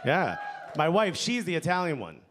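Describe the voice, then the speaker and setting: A young man with a New York accent doing a stand-up set, playful, dropping his voice low and soft for punchlines. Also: huge pitch swings, normal speed, faint music behind. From New York area. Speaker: stand-up comedian. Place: comedy club stage with laughing audience. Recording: live club recording with crowd noise.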